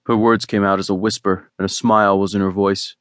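A man with a lowish voice narrates a romance novel in first person. His delivery is relaxed and wry. The recording is dry and close. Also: brisk, no room sound. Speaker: audiobook narrator.

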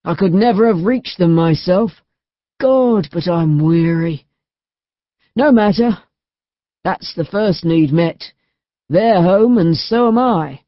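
A woman reading the voice of a weary, wry male knight home from battle, gruff and grim in manner. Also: on the low side, lively intonation, slow, pauses often, no echo. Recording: dull dry studio recording.

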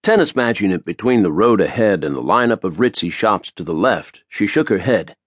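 A man's voice: fairly low pitch, animated, a little fast, no echo, studio quality. A man narrating an audiobook in a wry, playful storytelling manner. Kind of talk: scripted narration.

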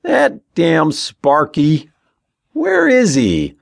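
A man's voice: fairly high pitch, huge pitch swings, very slow, creaky, no echo, studio quality, voice pushed up, full character voice. A man voicing a reckless teenage boy who calls out in a teasing, sing-song way. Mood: mock casual.

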